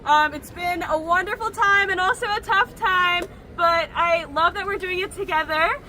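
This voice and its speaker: A woman's voice: very high voice, moderate pace, background noise. Young woman student, nervous and earnest. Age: young adult. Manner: nervous, warm, filler-laden, emotional. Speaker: student speaker. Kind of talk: personal storytelling at a rally. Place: outdoor campus green. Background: crowd.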